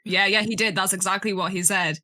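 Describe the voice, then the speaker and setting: A woman playing a tabletop game, chatty and quick to slip in asides. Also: medium pitch, fairly even intonation, bright, forceful tone. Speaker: player. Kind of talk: casual tabletop role-play.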